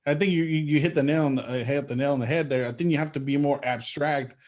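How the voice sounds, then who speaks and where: Man debating politics, fairly high voice. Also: steady tone, quick pace, darkish tone. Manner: argumentative, builds points with rhetorical questions; repeats words when starting sentences. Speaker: podcast co-host. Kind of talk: political talk show discussion.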